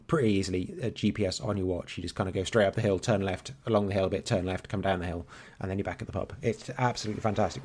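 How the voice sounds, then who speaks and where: A man's voice: on the low side, a little mellow. A man in his thirties, co-hosting a podcast in casual, rambling chat and swearing freely. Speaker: podcast co-host.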